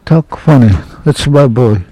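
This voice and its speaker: Slow-spoken older man telling a story. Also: mid-range voice, mellow, a little hiss or hum, poor audio. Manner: halting, broken-English storytelling with many restarts. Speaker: interviewee. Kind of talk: oral history storytelling.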